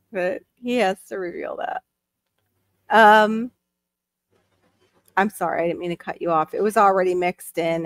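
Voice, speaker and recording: Hosting a relaxed livestream, a woman speaks in a mid-range voice with no echo. She reads the chat as she goes, saying hello to viewers and chatting casually.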